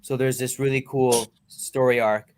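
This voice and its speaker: A man's voice: mid-range voice, fairly even intonation, normal speed, a little mellow. Chatty man explaining a story. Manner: enthusiastic storytelling, fillers like "like". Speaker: podcast host. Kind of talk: casual chat.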